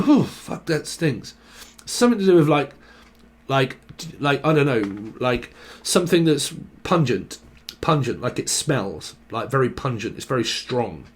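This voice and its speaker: A man's voice: medium pitch, big pitch swings, a little slow, slightly rough. A young man doing a casual tarot reading, rambling through word associations with crude jokes and frequent laughter. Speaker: tarot reader. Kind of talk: casual off-the-cuff tarot channelling.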